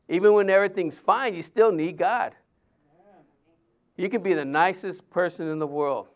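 A male pastor, preaching in a conversational way, with many fillers and restarts, dropping his voice softly when he quotes others. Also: high-pitched, lively intonation, moderate pace, clear, resonant tone. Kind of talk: sermon.

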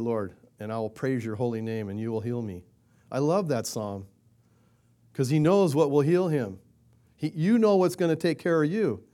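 Preaching in a chatty, conversational style, this male pastor asks rhetorical questions and dramatizes quoted prayers by raising both his volume and pitch.

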